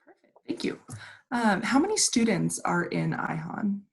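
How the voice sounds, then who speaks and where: A woman moderating a panel Q&A over a video call, upbeat and quick to laugh. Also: mid-range voice, very animated, creaky, husky. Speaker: webinar moderator.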